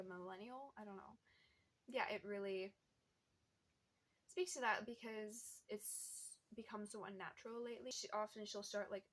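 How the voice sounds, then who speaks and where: A young woman chatting casually about what she's reading, rambling along with lots of fillers and small laughs. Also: mid-range voice. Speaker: book vlogger. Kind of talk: casual book chat.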